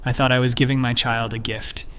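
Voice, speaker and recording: Man reading a story, even and measured. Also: medium pitch, clear, resonant tone. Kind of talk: scripted narration of an online story.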